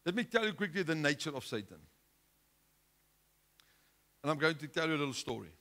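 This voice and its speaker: A male pastor preaching a sermon, driving his points home with rhetorical questions and swinging between loud outbursts and hushed lines. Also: on the high side, sing-song, a little fast.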